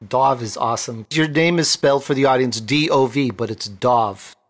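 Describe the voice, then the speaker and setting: A man's voice: medium pitch, brisk. A man hosting a talk show, introducing guests with enthusiasm. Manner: enthusiastic, exclaiming. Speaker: host. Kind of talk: upbeat podcast hosting.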